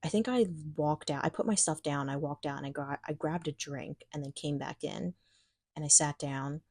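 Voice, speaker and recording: A woman's voice: low voice, normal speed, darkish tone, no room sound, studio quality. A young woman telling a personal story in a casual vlog, chatty and full of "like" fillers, acting out her own thoughts. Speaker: vlogger.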